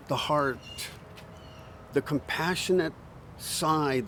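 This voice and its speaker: A male pastor giving a short sermon in slow, earnest, pausing phrases, easing into a gentle hush at times. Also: fairly high pitch, vocal fry, slight background noise.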